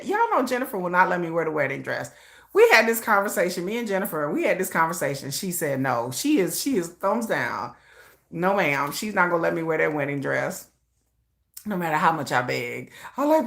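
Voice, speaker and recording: Woman, casual livestream chat, bright voice, very lively pitch, laughs often. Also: a little fast. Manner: chatty, laughs often, breaks into excited shrieks. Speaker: livestream host.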